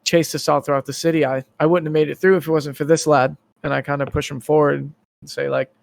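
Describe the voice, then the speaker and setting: Male player, casual, gravelly fry in a raised voice. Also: a little high, little pitch movement, quick pace, few pauses. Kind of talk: tabletop game chat.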